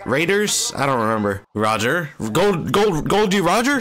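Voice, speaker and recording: A man hosting an anime reaction video, talking in excitable, slangy bursts full of exclamations. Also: fairly high pitch, normal speed. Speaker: anime reaction channel host. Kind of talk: live anime reaction commentary.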